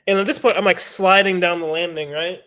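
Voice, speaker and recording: A man on a podcast telling a story in a casual, profane, animated way. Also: sits high, a little fast. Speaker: podcast guest.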